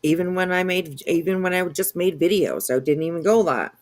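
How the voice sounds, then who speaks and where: A woman's voice: lowish voice, lively intonation, brisk. A woman hosting a live stream, chatting casually and greeting viewers. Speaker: stream host.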